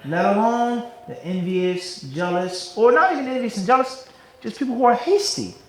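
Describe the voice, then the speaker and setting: A man teaching an Islamic class and answering questions. He keeps pausing to ask the class "what?" so they fill in the word, and swings from loud emphasis to quiet asides. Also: sits high, expressive, poor audio. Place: classroom with a live audience.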